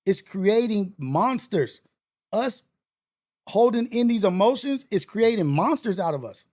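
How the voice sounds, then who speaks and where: A male show host talks passionately and preachily about clips he is playing. He hammers his points with repetition. His voice sits fairly high. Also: expressive, measured pace, darkish tone. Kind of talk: reacting to clips on a talk show.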